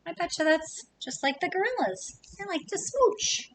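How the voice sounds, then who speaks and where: A woman reading a picture book aloud to young children, pausing to ask them playful questions. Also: extremely high pitch, big pitch swings, fairly bright tone, slight background noise, rough recording. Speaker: children's story reader.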